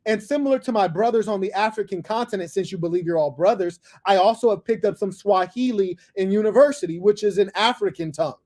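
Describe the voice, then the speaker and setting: A high-voiced man runs a combative live call-in show. He lectures and mocks in a condescending tone, talking down to whoever is on the line. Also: fast, few pauses, darkish tone. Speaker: livestream host taking callers.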